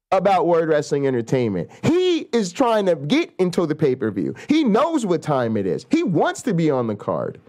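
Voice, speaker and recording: Hype-man co-host, profane riffing, voice leaping all over the pitch range. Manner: excitable, hyping, big pitch swings. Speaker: show co-host.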